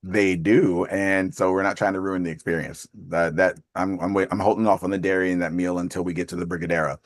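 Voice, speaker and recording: A man's voice: low voice, flat delivery, a little fast, dry recording, studio quality. A man in his fifties hosting a group call, chatting casually in a rambling way and laughing often. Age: 50s. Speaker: host of an accountability call.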